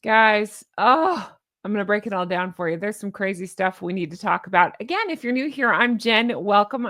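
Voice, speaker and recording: A woman's voice: mid-range voice, gravelly, a bit bright, no echo, studio quality. A woman giving casual commentary on her own channel. She is chatty and sarcastic and laughs at her own remarks. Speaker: YouTube commentator.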